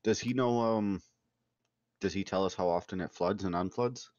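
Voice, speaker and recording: A man's voice: low voice, normal speed, a little mellow, dry recording, highs cut off. A man speaking as a player in a tabletop game, casual and playful. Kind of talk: tabletop role-play.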